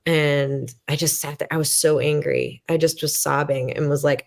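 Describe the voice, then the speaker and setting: Guest, woman, 30s, low voice, candid and self-mocking storyteller, chatty with fillers. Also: steady tone, normal speed, gravelly, few pauses. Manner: candid, self-deprecating, many fillers and restarts; acts out her own past thoughts in quoted voice. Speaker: podcast guest. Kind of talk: conversational storytelling.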